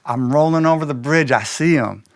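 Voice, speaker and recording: A man telling a personal story in loose, slangy, animated casual talk, slipping into quoted voices. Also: fairly high pitch, normal speed, no room sound, studio quality.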